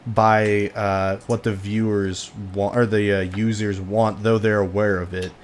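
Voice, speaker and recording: A man's voice: fairly low pitch, flat delivery, a little slow, a little hiss or hum. A man co-hosting a casual podcast, hesitant and searching for words, with many fillers.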